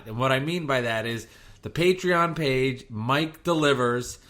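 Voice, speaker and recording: A man's voice: medium pitch, measured pace, bright, forceful tone. A man, hosting a casual podcast from his home garage, jokey and self-deprecating. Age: 30s. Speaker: podcast host. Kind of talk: casual podcast chat and host-read ads.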